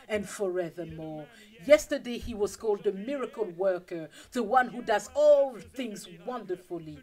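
A woman's voice: mid-range voice, a little mellow, poor audio. A woman pastor preaching a sermon, acting out scenes in voices and calling the congregation for amens. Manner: dramatic, acts out scenes in voices.

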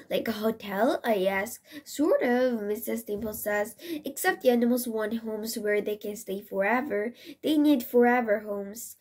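A young woman with a somewhat high voice reads a children's picture book aloud. She reads expressively, fixing small slips as she goes. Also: darkish tone, slightly rough. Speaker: storybook reader.

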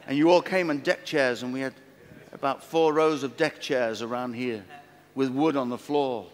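A middle-aged man preaching a sermon as pastor, telling stories in an animated, repeating way with restarts. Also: medium pitch, moderate pace. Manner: animated, repetitive storytelling with many restarts. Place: large former theatre used as a church. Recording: long reverb of a large hall.

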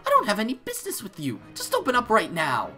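A pushy, frantic middle-aged woman from a visual novel, as a man puts her on, shouting high and tense. She hammers her demands without pause. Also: wildly swooping pitch, faint music behind, full character voice. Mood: demanding. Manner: loud, insistent shouting.

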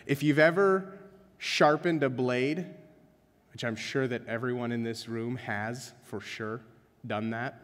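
Young male pastor, conversational sermon delivery, self-deprecating humor, mid-pitched voice, church hall reverb. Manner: conversational, self-deprecating, addresses listeners as guys. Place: church sanctuary.

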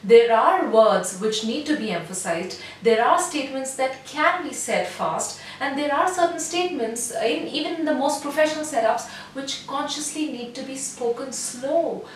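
A woman teaching an online voice lesson, calmly explaining and then showing slow and fast pacing. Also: far from the mic. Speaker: voice coach. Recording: very echoey room, off mic, faint rumble.

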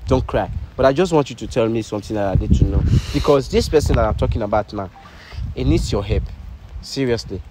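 Nigerian man, pleading, calming tone, mid-pitched, noisy outdoor audio. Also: a little fast. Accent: Nigerian Pidgin English. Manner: pleading, soothing, repeating himself. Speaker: comedy skit host. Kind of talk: scripted comedy skit.

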